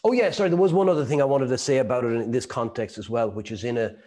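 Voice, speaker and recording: Man lecturing with lively anecdotes. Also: medium pitch, fast talker. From Ireland. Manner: chatty storytelling with laughs and acted-out quotes. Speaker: sales trainer. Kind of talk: lecture to a live group.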